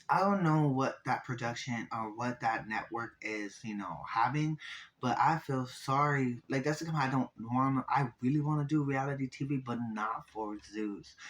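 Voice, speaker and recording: A man, recapping a reality TV episode in casual, profane talk, full of quick asides. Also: mid-range voice, rough recording. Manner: profane, animated, fast asides, mimics cast members.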